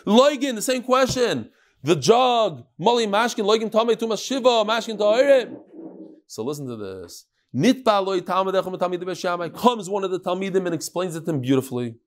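Speaking a little fast in a high voice, a man gives a lively Talmud lesson, performing the sages' back-and-forth and peppering it with Hebrew and Aramaic terms.

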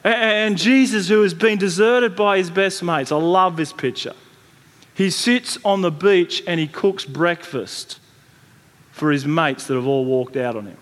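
A fairly high-voiced man preaches a sermon in a relaxed, storytelling manner, often restarting and doubling his words. His voice carries a long reverb from the large hall around him. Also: measured pace. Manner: conversational storytelling with frequent restarts and repeated words.

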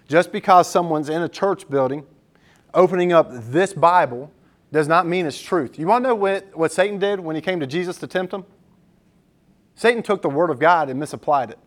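A male pastor gives a sermon, blending scripture with personal stories in an earnest, emphatic, conversational style. His voice is a little high.

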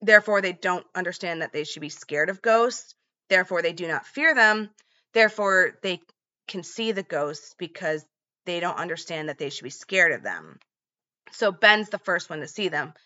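A woman's voice: fairly low pitch, normal speed, bright, forceful tone, highs cut off. A woman casually retelling a movie's plot in a chatty vlog, with lots of fillers. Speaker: movie recap vlogger.

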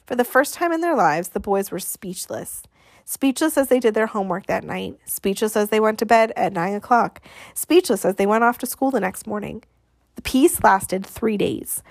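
A woman narrating an audiobook in a measured, expressive way, with dramatic pauses. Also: mid-range voice, vocal fry, no room sound, clean studio sound.

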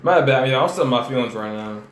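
A man co-hosting a casual chat, laid-back, chiming in with quick remarks. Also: medium pitch, a little hiss or hum. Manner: laid-back, quick interjections, laughing along. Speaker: podcast co-host. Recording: roomy echo.

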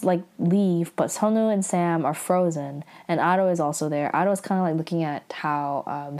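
A young adult woman giving a casual episode recap, chatty and full of "like", with quick reactive asides. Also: lowish voice, a little mellow. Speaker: drama recap vlogger.

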